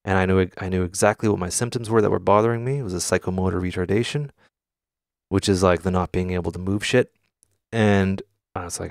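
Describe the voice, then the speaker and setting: A man's voice: sits low, steady tone, fairly quick, dry recording. A man hosting a casual live stream from his studio, talking candidly, swearing often and answering questions from chat. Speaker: music producer streamer. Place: home studio.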